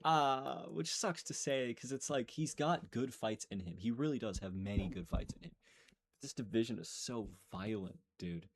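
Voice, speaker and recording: A man's voice: mid-range voice, expressive, normal speed. A young man giving a casual, profane, rambling recap of fights, often breaking off and restarting his sentences. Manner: profane, rambling, self-interrupting. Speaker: MMA commentary YouTuber.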